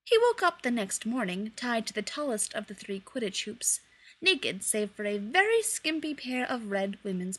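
A woman reading fan fiction aloud in a lively, expressive storytelling manner. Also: a little high, husky. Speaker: reader.

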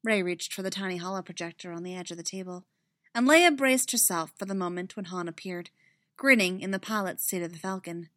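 Soft-spoken woman reading a story. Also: on the low side, fairly quick, dry recording, studio quality. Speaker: narrator. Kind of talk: audiobook reading.

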